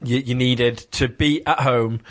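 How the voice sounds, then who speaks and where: A man's voice: mid-range voice, steady tone, measured pace. A man co-hosting a casual podcast chat, rambling with ums and restarts. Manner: chatty, many ums and restarts. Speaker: podcast co-host. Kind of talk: casual chat about video games.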